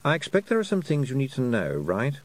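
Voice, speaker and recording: A man reading an audiobook, voicing a small talking toad with a dry, slow, matter-of-fact manner. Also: medium pitch, huge pitch swings, voice pushed up. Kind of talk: audiobook character voice.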